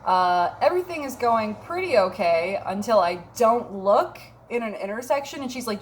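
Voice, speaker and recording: A woman in her thirties from Minnesota recounts a mishap in a loose, casual vlog. She is wry and self-mocking and swears without a second thought. Her voice sits at a middle pitch over a faint hiss of background noise. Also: lively intonation, moderate pace. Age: 30s. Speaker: vlogger.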